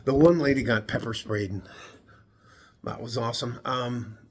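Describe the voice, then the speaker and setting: A man's voice: medium pitch, normal speed, husky. A man telling a story to the camera in a rambling, casual way, laughing often and swearing now and then. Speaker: vlogger.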